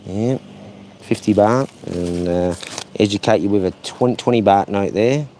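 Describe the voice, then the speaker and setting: A man's voice: on the low side, unhurried, mellow, slight background noise. A man casually vlogging outdoors while walking the streets, chatting and rambling to his viewers. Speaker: travel vlogger.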